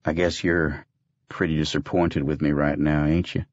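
A jittery ranch foreman drawls his way around hard questions in a deep, low voice, as a male narrator puts him on. The audiobook sound is dull and dry, like a small booth. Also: level tone, moderate pace, no echo. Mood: coaxing. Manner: folksy drawl, ungrammatical country talk. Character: panicky rustic ranch foreman, nervous and evasive.

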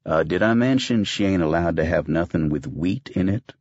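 A man's voice: low voice, animated, normal speed, darkish tone, no echo, muffled recording. A man voicing a nervous, evasive rustic ranch foreman with a folksy, ungrammatical drawl. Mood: coaxing.

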